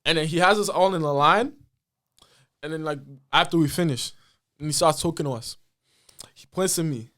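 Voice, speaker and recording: A young man, a podcast guest telling a story in a lively, casual way with lots of fillers. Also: on the high side, moderate pace, pauses often. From Australia. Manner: animated, full of fillers and acted-out quotes. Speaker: podcast guest, basketball player.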